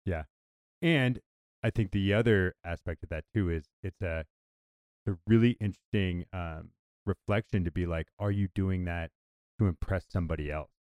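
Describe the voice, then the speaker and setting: A man co-hosting a podcast, chatting casually and telling stories in an animated way. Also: deep voice, normal speed, smooth, no echo. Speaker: podcast co-host.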